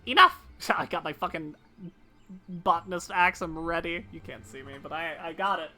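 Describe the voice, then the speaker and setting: A woman streamer making chatty, casual commentary while playing, swearing freely and tossing off quick asides. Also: on the low side, steady tone, pushed and bright, faint music behind.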